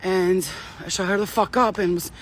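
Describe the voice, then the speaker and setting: A woman's voice: mid-range voice, fairly even intonation, moderate pace, slight background noise. A woman vlogger telling a story in a casual rant, blunt, profane, heated and emphatic. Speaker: spiritual vlogger.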